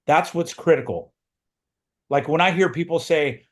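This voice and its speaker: This man's voice is on the high side, a little slow, with long pauses. He's a real estate recruiting coach giving an emphatic motivational training talk, repeating phrases to drive his points home.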